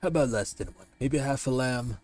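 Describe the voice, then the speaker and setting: A man's voice: medium pitch, fairly quick, a little mellow, faint music behind, voice pushed up, natural voice. A man voicing a sly, hungry male wolf in a playful dramatic reading of a comic, whiny and theatrically pleading.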